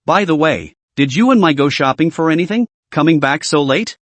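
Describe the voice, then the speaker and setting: A woman's voice: deep voice, expressive, a little fast, dry recording. A man voicing a playful, teasing young woman in a story recap, in his own narrating voice.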